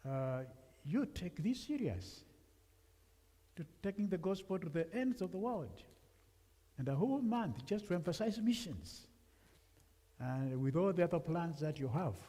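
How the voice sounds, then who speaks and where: A man's voice: a little high, mellow, breathy edge. A man from Africa preaching as a guest speaker, talking conversationally and putting questions to the congregation. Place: church sanctuary. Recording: long church reverb.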